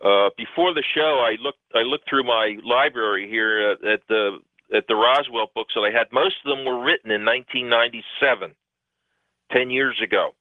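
A man's voice: mid-range voice, normal speed, dry recording. A man, a guest researcher, talks at length in a radio interview, rambling and emphatic with many fillers. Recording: tinny phone line, dry.

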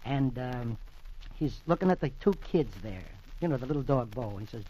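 A man's voice: mid-range voice, expressive, a little fast, warm tone. A man hosting a 1940s-style radio reading of the comics, folksy and chatty, on a lo-fi old radio recording. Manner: folksy, chatty, acts out voices.

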